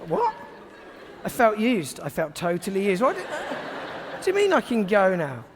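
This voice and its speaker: A man giving a sermon to a congregation, conversational and humorous, often dropping to soft, hushed tones. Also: high-pitched, huge pitch swings, unhurried, in a large hall, crowd noise, noisy background. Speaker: guest preacher. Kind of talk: sermon with personal stories.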